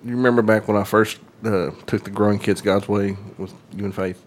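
A male guest speaking in a casual group chat, relaxed and a little hesitant. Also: lowish voice, a little fast. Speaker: guest listener.

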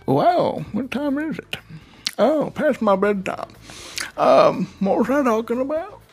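A man playing a forgetful, hard-of-hearing old grandpa who rambles and shouts. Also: extremely high pitch, very animated, takes it slowly, creaky, breathy edge, faint music behind, pitched above the performer's own voice, full character voice. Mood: doddering.

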